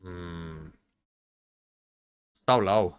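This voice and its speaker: A man with a low-pitched, clean voice speaks extremely slowly while live-streaming a game, thinking aloud in a rambling, casual way and chatting with his viewers.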